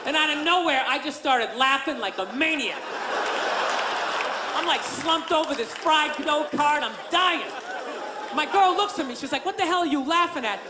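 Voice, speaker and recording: A male stand-up comedian, profane and rambling, tossing rhetorical asides to the audience. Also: very high voice. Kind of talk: stand-up routine. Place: comedy club stage with live audience. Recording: live club audio with crowd noise.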